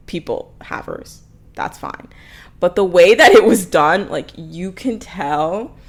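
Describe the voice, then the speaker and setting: Blunt, lower-voiced young woman reviewing books. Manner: animated, blunt, swears often, laughs at herself. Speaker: book reviewer, channel host. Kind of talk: casual chat.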